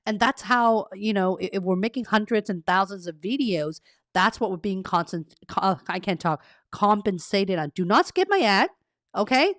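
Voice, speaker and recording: This career coach and livestream host speaks in a mid-range voice at a moderate pace. She keeps things casual, talking with viewers, reading their comments aloud, and poking fun at herself, in a carpeted home room treated against echo that gives clean, echo-free studio sound.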